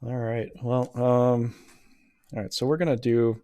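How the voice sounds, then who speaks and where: A man talks through a casual tarot reading in a mid-pitched voice, recorded close and dry with no room sound. He rambles, talks himself in circles and laughs at his own bad luck. He sounds self-deprecating and gets easily flustered. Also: steady tone, measured pace, warm tone, clean tone, dry recording, highs cut off. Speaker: tarot reader.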